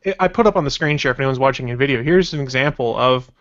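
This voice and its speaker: A man's voice: mid-range voice, quick pace, muffled recording. A man hosting a casual podcast, loosely reading out news and chat messages. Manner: relaxed, rambling, reads out news and chat messages. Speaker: podcast host.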